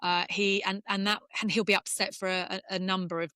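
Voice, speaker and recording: A middle-aged English woman, a former golfer, talking candidly in an interview and speaking in quick, emotional bursts with restarts. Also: mid-range voice, little pitch movement, bright, forceful tone, dry recording, studio quality. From England. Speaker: former professional golfer, guest.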